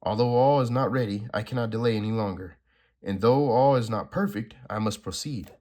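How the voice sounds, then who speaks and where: A man reading a comic aloud, voicing an ancient, dying cosmic guardian in a measured, grave way. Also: lowish voice, darkish tone, natural voice.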